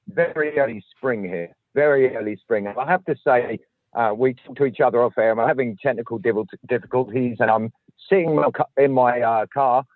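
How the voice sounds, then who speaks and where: A man's voice: medium pitch, fairly quick, dry recording. A man from southern England, a podcast host, talking casually and self-deprecatingly from a parked car. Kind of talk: casual chat. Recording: tinny dry phone line.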